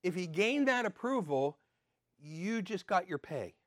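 An older man giving an earnest sermon as a pastor, swinging between emphatic and soft. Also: sits high, sing-song, measured pace, no echo, clean studio sound.

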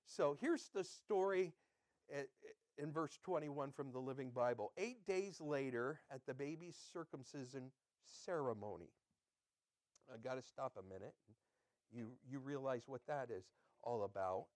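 A man's voice: mid-range voice, unhurried, darkish tone, no echo, clean studio sound. A man pastor giving a conversational sermon, quizzing his listeners and chatting with them between readings.

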